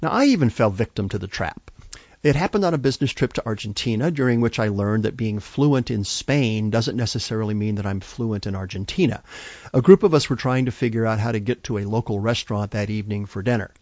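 A man's voice: lowish voice, fairly quick, a little mellow, no echo. A man hosting a podcast, telling stories in scripted narration with a wry storyteller's timing and punchlines that he stresses. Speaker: podcast host. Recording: dry, slightly dull lo-fi recording.

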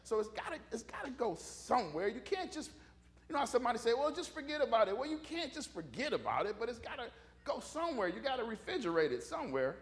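High-voiced pastor preaching. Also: male voice, sing-song, fast. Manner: folksy storytelling with call-and-response. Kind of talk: sermon.

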